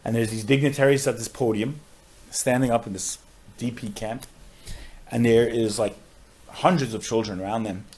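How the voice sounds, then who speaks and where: A man, a rabbi on a podcast, tells a story with strong feeling, often saying "like" and dropping to a hushed voice at sad moments. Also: mid-range voice, fairly even intonation, moderate pace, long pauses. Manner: emotional storyteller with frequent "like" fillers.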